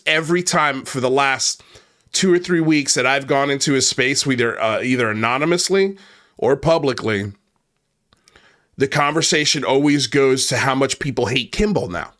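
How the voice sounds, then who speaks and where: Here a mid-range voice with a sharp edge belongs to a man delivering a furious commentary rant online. He curses heavily, and his agitation shows in repeated words and the occasional false start.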